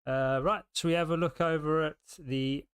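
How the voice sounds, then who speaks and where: A man's voice: on the high side, fairly even intonation, normal speed, fairly bright tone, clean tone, no room sound, studio quality. A British man giving casual live race commentary, rambling and full of ums and restarts.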